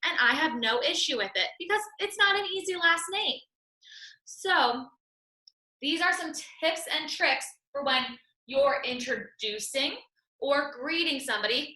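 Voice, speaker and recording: A woman's voice: high voice, bright, forceful tone, roomy sound, recorded from a distance, rough recording. A woman teaching an English class, explaining patiently and reassuringly step by step. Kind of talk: online class lesson.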